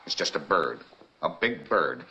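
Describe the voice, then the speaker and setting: A man's voice: extremely low pitch, very animated, unhurried, sharp tone, exaggerated voice. An actor playing a stern military man in a 1950s monster film, listing weapons emphatically. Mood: insistent.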